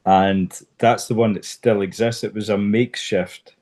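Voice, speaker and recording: Low-voiced man telling stories. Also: unhurried. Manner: relaxed anecdotal storyteller. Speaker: podcast co-host. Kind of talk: casual storytelling chat.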